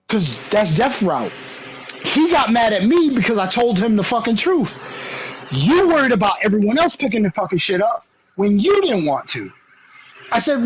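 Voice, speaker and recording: A man's voice: high-pitched, sing-song, moderate pace, a little hiss or hum, poor audio. A young man streaming a game, telling a story in a heated, profane, ranting way. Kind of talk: casual storytelling while gaming.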